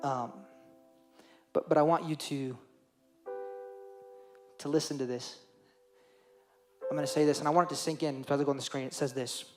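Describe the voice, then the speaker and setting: Earnest high-voiced young male youth pastor. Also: fairly even intonation, moderate pace, long pauses, over music. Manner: earnest, emotional, repeats phrases for emphasis. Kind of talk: sermon.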